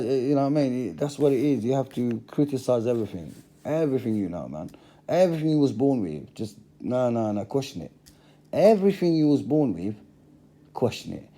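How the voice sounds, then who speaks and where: A man's voice: medium pitch, dark tone. A middle-aged man giving a passionate monologue to camera, repeating phrases for emphasis. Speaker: religious vlogger.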